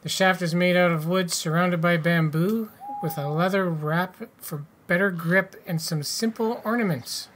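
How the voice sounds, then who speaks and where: A man's voice: high voice, measured pace, fairly bright tone, slight background noise. A man hosting a casual let's-play, joking, swearing and reading game text aloud. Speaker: gaming channel host.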